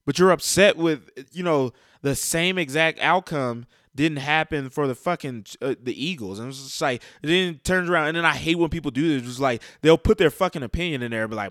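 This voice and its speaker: A man's voice: a little high, lively intonation, brisk, few pauses, a bit bright, dry recording, studio quality. Profane exasperated man ranting. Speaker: sports fan commentator. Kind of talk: heated casual rant.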